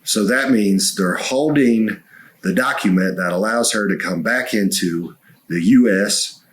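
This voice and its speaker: A man's voice: fairly low pitch, measured pace. A man co-hosting a podcast, telling a long story in casual chat and swearing freely. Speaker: co-host.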